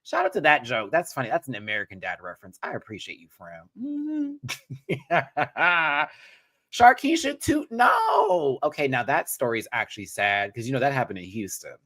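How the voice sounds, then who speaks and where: Lively man hosting a live reaction stream. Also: medium pitch, dry recording, studio quality. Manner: animated, laughs often, breaks into bits and quick asides. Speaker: host reviewing a reality show live. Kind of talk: live-stream commentary, reading chat.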